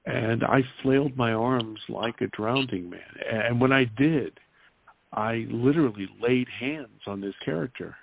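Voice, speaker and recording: A man in his fifties earnestly retelling a personal experience as an interview guest, halting and restarting as he goes. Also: mid-range voice, creaky. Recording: tinny dry phone-like line.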